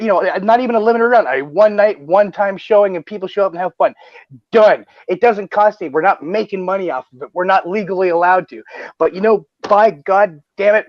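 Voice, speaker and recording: A man hosting a casual livestream, who talks with excitement, swears often and restarts his sentences. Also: high voice, no room sound. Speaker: stream host. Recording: dull lo-fi stream audio.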